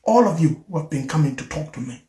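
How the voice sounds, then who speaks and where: A man pours out an emotional, repetitive plea straight to his followers. His voice sits high, and every word rings in a roomy, echoing space. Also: expressive, quick pace, dark tone. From Liberia. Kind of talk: impassioned monologue to followers.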